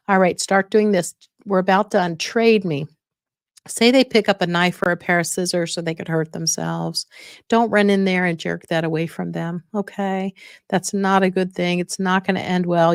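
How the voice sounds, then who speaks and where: A woman hosts a casual advice podcast about dementia care, encouraging her listeners and checking in with them often. Her voice sits on the low side, clear and resonant, with fairly even intonation and normal speed, captured in a dry, clean studio recording.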